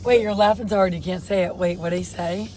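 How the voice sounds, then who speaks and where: A woman's voice: fairly low pitch, fairly even intonation, darkish tone. Teasing woman in a car. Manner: teasing, prodding, quick to ask for more. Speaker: passenger, chat partner. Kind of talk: casual chat on a car ride. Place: inside a car. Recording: road noise in a car.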